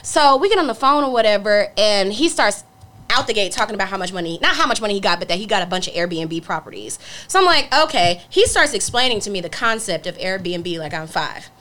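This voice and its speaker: A young woman in casual podcast chat, an animated storyteller who acts out the dialogue, blunt and profane. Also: mid-range voice, a little fast.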